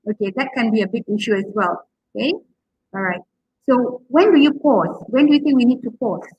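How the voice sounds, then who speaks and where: A woman's voice: on the high side, brisk, darkish tone, dull audio, a little hiss or hum. A woman lecturing on public speaking, who asks her class questions and pads her talk with "okay" and "right". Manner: encouraging, asks questions, many okays and fillers. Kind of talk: interactive online lecture.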